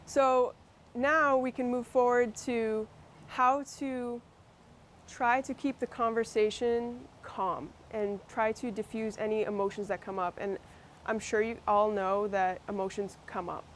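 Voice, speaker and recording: A woman's voice: fairly high pitch, fairly even intonation, unhurried, a little hiss or hum. A woman with a Massachusetts accent presenting a workshop, talking conversationally with fillers and restarts. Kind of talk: instructional workshop talk.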